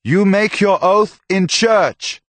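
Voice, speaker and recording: A man's voice: sits high, slow pace, a bit bright, no echo, pitched above the performer's own voice. Man doing a stern, suspicious village priest. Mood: stern, questioning.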